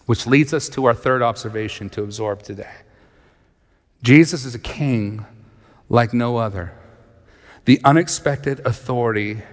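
A man preaching a sermon, reading scripture and retelling it in lively storytelling, acting out the characters' voices. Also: medium pitch, long reverb tail. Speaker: pastor.

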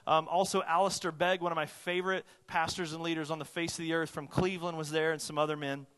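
A male pastor preaching in a church hall, his slightly high voice trailing off into a long reverb. He shifts between loud, urgent emphasis and hushed, earnest moments, pressing each point home to the congregation. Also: flat delivery, fast. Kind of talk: sermon.

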